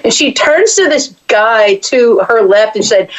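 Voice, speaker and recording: A woman's voice: a little high, very animated, unhurried, lo-fi sound. Chatty Texan woman telling travel stories. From Texas. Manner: rambling, chatty storytelling with many restarts. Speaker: guest. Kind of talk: casual podcast chat.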